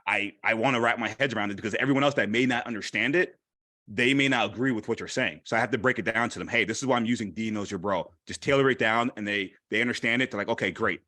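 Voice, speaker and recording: Man, panel speaker, mid-pitched, animated, repeats lines for emphasis, dry close sound. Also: fast talker, dry recording. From Haitian heritage. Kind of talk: candid personal talk.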